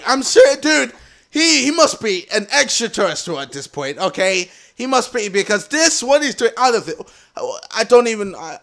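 Excitable young man, high and gravelly. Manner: excitable, loud outbursts, swearing and laughing in frustration. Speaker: gaming video host. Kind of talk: let's-play commentary.

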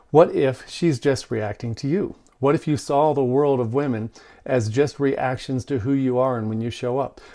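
Male relationship coach telling a story. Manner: animated storyteller, quoting with raised pitch. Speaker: host of a men's relationship channel. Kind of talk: casual talking-head video. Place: his workshop.

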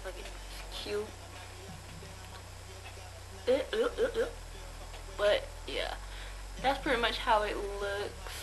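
A woman's voice: mid-range voice, slow pace, pauses often, noisy background. A young woman, chatting casually and bluntly, with plenty of profanity, while she reviews a haul of cheap jewelry. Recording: music playing behind the voice.

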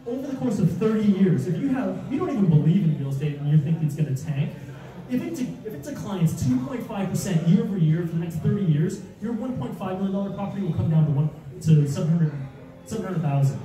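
High-voiced man presenting in an echoey hall. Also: fast talker, soft background music. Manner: animated, rhetorical questions, mock panic. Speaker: real estate investing speaker. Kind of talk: seminar presentation with slides. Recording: echoey room, distant mic, audience.

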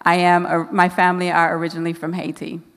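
An American woman talking as a guest at a live event, outspoken and laughing easily. Her voice sits slightly low. The hall gives it a long reverb. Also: monotone, quick pace, a bit bright. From USA.

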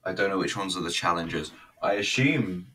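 A man's voice: sits low, fairly quick, sharp tone, a little hiss or hum, rough recording. A man giving a casual, rambling, sweary running review while he watches a video.

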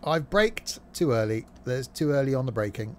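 A man's voice: mid-range voice, expressive, normal speed, noisy background. A man streaming a train simulator, chatting casually and joking with his viewers as he drives. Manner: joking, chatty, banters with chat. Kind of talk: casual live-stream chat while playing.

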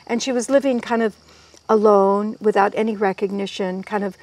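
A woman guest in an interview, telling stories in a lively way and quoting people as she goes. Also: mid-range voice, moderate pace, no room sound. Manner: lively storyteller, quoting others in their voices. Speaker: guest herbalist. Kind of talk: storytelling in an interview.

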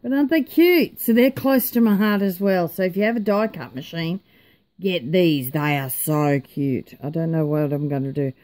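A woman's voice: on the low side, moderate pace, mellow. A tired woman vlogger in casual, rambling chat, joking at her own expense and yawning now and then. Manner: chatty, rambling, self-mocking.

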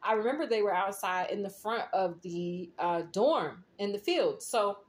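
Lady rambling through a tarot reading, keeps saying okay right, mid-pitched voice. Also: lively intonation, normal speed. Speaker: tarot reader. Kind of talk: casual tarot reading and dream storytelling.

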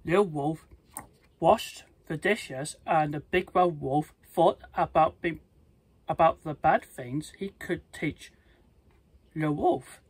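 Storybook narrator: husky, breathy reader, unhurried and plain, stumbles now and then. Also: mid-range voice, dry recording, rough recording. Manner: slow, plain reading with stumbles and restarts. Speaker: storybook reader, channel host. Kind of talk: reading a children's storybook aloud.

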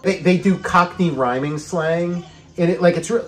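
A man's voice: sits high, moderate pace. A middle-aged man hosting a podcast in casual chat, rambling with frequent restarts. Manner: rambling, restarts, many fillers. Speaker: podcast host.

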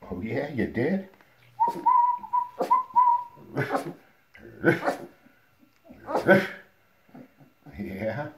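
A man's voice: medium pitch, big pitch swings, extremely slow, long pauses, background noise. A man breeding dogs, talking casually to puppies on a home video and cooing at them playfully, sometimes in a whisper. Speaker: dog breeder. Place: indoor room at home.

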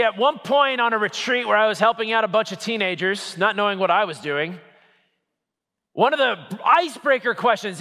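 A man in his thirties, a Catholic priest, preaching a sermon with lively, humorous storytelling. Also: high voice. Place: church. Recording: echoey church hall.

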